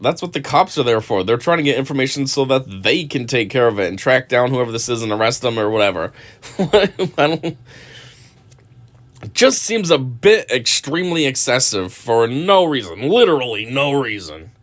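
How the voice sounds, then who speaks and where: A man's voice: medium pitch, lively intonation, normal speed, a bit bright. A man giving casual video commentary, rambling with lots of fillers and frequent chuckles.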